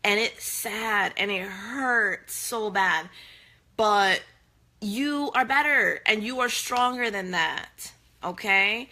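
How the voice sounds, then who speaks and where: A woman speaks slowly and earnestly, as if talking straight to her viewers. Her voice is bright and forward. She is casual and chatty, with plenty of fillers and restarts, and she repeats her main points to drive them home. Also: medium pitch. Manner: earnest, repeats phrases for emphasis; conversational with many fillers and restarts. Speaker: faith-based motivational speaker. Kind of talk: casual encouraging talk to viewers.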